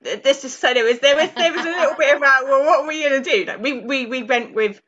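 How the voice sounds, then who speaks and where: Bright British woman host, lo-fi sound. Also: high voice, fast talker. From Britain. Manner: warm storyteller, animated, stumbling restarts. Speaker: podcast host. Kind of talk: casual podcast chat. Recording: dull lo-fi audio.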